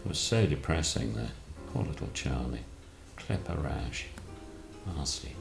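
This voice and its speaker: A man's voice: extremely low pitch, lively intonation, unhurried, gravelly. An older man telling a story in casual chat, acting out the other people in it. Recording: roomy echo with faint music.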